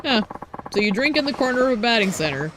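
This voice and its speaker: A woman's voice: fairly high pitch, expressive, fast talker, background noise, natural voice. A woman reading aloud as a weary, puzzled man who is a baseball player, dry and bemused.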